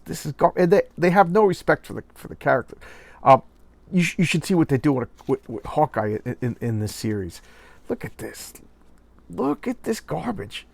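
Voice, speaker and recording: A man's voice: mid-range voice, vocal fry. A man reviewing a comic book in a casual rant, exasperated and sarcastic, often repeating himself.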